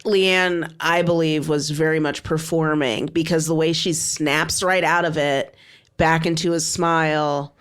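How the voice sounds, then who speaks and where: A woman comedian guesting on a podcast, giving dry, deliberate commentary in casual chat. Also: low-pitched, steady tone, smooth.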